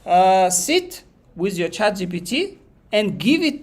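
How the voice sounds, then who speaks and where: Young male teacher, high-pitched, relaxed, explains with examples. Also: slow, long pauses. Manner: casual, explains with examples, greets viewers by name. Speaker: IELTS teacher. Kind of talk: live online lesson.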